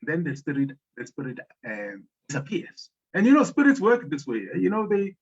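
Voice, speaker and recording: A man giving a storytelling lecture on African philosophy, speaking haltingly with many fillers and pauses. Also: on the high side, huge pitch swings, darkish tone, slightly rough. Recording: muffled lo-fi audio.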